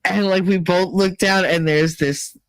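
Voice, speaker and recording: A middle-aged woman hosting a podcast, telling a story casually, laughing often and acting out quotes in a higher voice. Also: a little slow, dry recording, clean studio sound. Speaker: podcast host.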